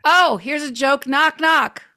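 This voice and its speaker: A woman's voice: high-pitched, slow pace, bright, forceful tone. A woman hosting an online creativity workshop over a video call, talking in an enthusiastic, playful way. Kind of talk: playful online group session.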